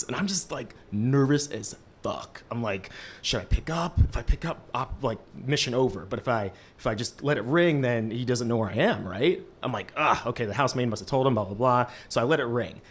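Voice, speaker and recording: A man in his twenties telling a lively first-person story on a small stage, talking through a microphone and filling his sentences with "like". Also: medium pitch. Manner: lively, heavy use of "like" fillers. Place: stage of a small live-event venue.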